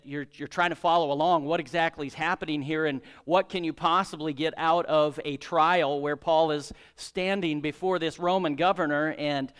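A male preacher with a fairly high, clear, resonant voice. He talks in a conversational storytelling way and acts out the dialogue of his story. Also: a bit bright. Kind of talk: sermon with prayer and storytelling.

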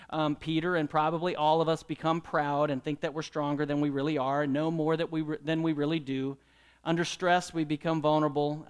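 A man preaches a sermon in a slightly raised, lightish voice. He speaks as a pastor, pausing to quiz his listeners and leading them in call-and-response. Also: fairly high pitch, clean tone. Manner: questions the congregation and leads call-and-response.

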